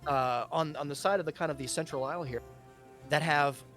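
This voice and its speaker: A man narrating as game master of a tabletop game, halting and full of fillers and restarts. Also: a little high, a bit bright, soft background music.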